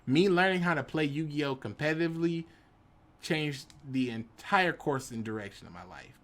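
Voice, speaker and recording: A man telling a personal story in an animated, casual way, sometimes jumping into dramatic voices. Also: mid-range voice. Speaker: YouTube storyteller.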